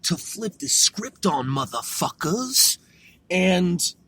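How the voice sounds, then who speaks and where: A man's voice: sits high, very animated, takes it slowly, pushed and bright, husky. A man hosting a podcast in a casual, rambling monologue, laid-back and profane, chuckling often. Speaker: podcast host.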